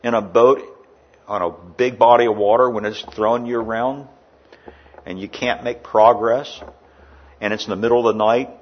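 A man preaching a sermon in a church, rising loud in the story and dropping quiet for asides. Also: on the low side, muffled recording. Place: indoor air-conditioned church.

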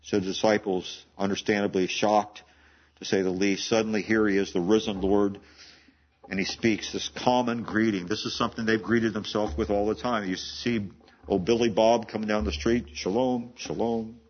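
A man's voice: on the low side, steady tone, moderate pace, dull audio. A man in his seventies preaching a sermon in a conversational, storytelling way, often restarting phrases and laughing. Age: 70s. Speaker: pastor.

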